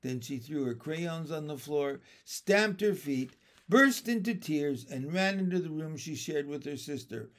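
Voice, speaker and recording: Male storybook reader, slightly high voice, expressive and lively. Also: a little slow. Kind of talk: reading a children's book aloud.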